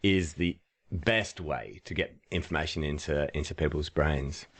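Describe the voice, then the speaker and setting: Very deep-voiced man telling stories. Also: a little slow, slight background noise. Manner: animated anecdotes with acted-out quotes. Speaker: podcast co-host, leadership trainer. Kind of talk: casual storytelling chat.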